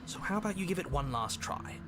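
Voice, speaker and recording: A sardonic game narrator. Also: male voice, sits high, animated, fast talker. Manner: dry, sardonic, pleading. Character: weary, exasperated male game narrator. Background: game music.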